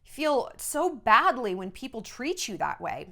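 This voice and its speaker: Animated blunt woman dishing celebrity gossip. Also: fairly high pitch, a little slow, gravelly. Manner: blunt, animated, swings into mocking quoted voices. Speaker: vlogger and former entertainment journalist. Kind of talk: casual celebrity gossip monologue.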